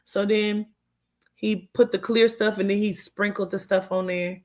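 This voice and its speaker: A woman's voice: medium pitch, steady tone, measured pace. A woman hosting a livestream, chatting casually with viewers in a loose, rambling way, cursing freely and answering comments from the chat. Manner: chatty and rambling, with frequent swearing and "child" asides. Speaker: livestream host.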